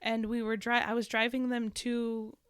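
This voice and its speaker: A woman in her thirties chats on a podcast, telling anecdotes with plenty of animation. Her voice sits fairly high and sounds bright and forceful. The recording is dry, with no room sound. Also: normal speed, smooth, dry recording. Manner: animated storyteller, acts out angry outbursts with laughter. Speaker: podcast co-host. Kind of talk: casual chat.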